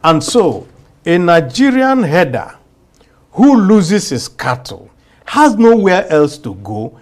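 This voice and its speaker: A man giving political commentary in an interview clip, speaking slowly and deliberately. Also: sits high, sing-song, darkish tone.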